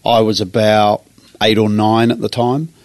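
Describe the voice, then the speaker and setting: Earnest New Zealand pastor, low and dry. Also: male voice, measured pace, no room sound. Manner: earnest, animated when acting out his younger self. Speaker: pastor, guest. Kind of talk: personal storytelling. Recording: dry close sound.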